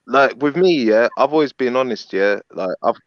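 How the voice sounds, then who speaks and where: A man's voice: medium pitch, expressive, moderate pace, no room sound, muffled recording. A man telling a long, rambling story in casual chat, full of fillers and "innit".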